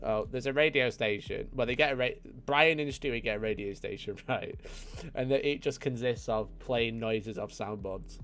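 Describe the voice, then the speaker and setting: A man's voice: medium pitch, normal speed, a bit bright. A young man hosting a casual livestream, laughing often and checking his audio setup with his viewers. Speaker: livestream host.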